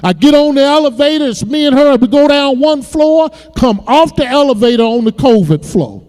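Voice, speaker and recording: A man with a very high voice preaches, telling his own story with emotion. He repeats words as he builds. His voice rings with a long reverb in a church sanctuary. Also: animated, moderate pace, a little mellow. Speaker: pastor. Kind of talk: sermon testimony.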